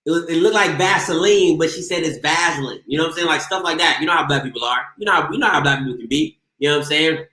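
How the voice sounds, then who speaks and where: A man hosting a live call-in sports show who trash-talks with a playful, boastful swagger. His voice sits high and bright, and it swings widely in pitch. The echo of the room is clear around him. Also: rapid-fire, hardly any pauses.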